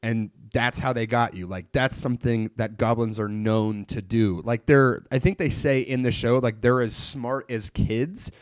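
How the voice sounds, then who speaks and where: A man's voice: mid-range voice, a little slow, hardly any pauses, dry recording, clean studio sound. A man chatting casually about a show, rambling with lots of fillers and restarts. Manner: rambling, many likes and restarts. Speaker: podcast co-host. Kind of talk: casual chat about anime.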